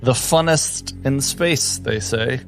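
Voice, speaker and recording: A man's voice: mid-range voice, takes it slowly, vocal fry, fairly bright tone, soft background music. A man playing a cheerful, overly polite male space pirate in a tabletop game. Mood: friendly.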